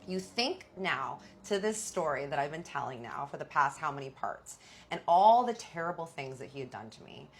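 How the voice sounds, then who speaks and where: A woman's voice: low-pitched, a little hiss or hum. A woman vlogger telling a personal story in a chatty, confiding way, speaking straight to her viewers. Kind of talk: casual storytelling.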